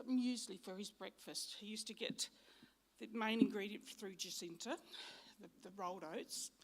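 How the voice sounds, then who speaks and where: A woman's voice: high-pitched, a bit bright. An Australian woman giving a funeral eulogy in a church, chatty and anecdotal, fond and close to tears. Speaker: eulogy speaker.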